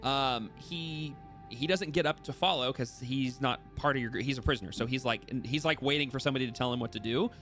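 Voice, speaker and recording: A man's voice: mid-range voice, a little fast, fairly bright tone, faint music behind. A man narrating as dungeon master for a tabletop game, rambling with many fillers and restarts.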